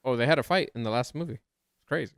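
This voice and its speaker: A man co-hosting a podcast, chatting casually and getting excited in high bursts. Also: fast, no room sound, clean studio sound. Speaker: podcast co-host. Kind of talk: casual chat about anime and manga.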